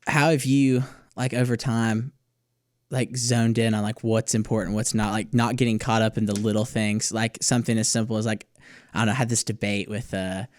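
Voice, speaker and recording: A man's voice: on the low side, normal speed, no echo, studio quality. A man co-hosting a podcast, chatting casually and asking loose, rambling questions. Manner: relaxed, asks rambling questions. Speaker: podcast co-host. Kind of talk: casual chat.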